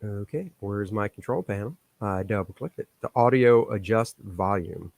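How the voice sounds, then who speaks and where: A man's voice: fairly low pitch, moderate pace, a little mellow, dry recording. Joking man chatting on a live stream. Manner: joking, chatty, muttering while fixing his settings. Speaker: comic artist hosting a live stream. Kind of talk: casual live-stream chat. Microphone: microphone on a stand.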